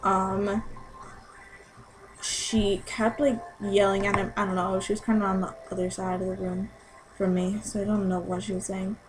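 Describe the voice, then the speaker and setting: A woman's voice: mid-range voice, flat delivery, moderate pace, noisy background. A young woman in a casual vlog, chatty and gushing as she recaps a concert, saying "like" constantly. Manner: chatty and gushing, heavy use of "like". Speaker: concert-goer recapping a show.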